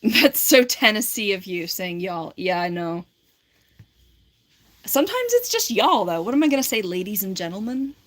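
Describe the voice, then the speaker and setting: A woman's voice: mid-range voice, big pitch swings, moderate pace, fairly bright tone. A woman in her forties on a casual livestream, reading and answering viewer comments in a rambling, giggly way with lots of filler words. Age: 40s.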